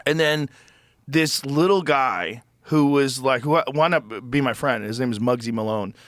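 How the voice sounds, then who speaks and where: This podcast co-host from Massachusetts tells self-deprecating stories in casual chat, his manner easygoing and halting. His mid-range voice is a bit bright, captured on a studio mic with no room sound.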